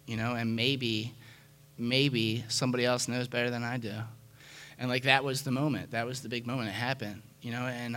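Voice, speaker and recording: A man's voice: mid-range voice, pushed and bright. A man telling his recovery story in a frank, self-mocking way, often dropping "man" and restarting his sentences. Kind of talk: candid personal testimony.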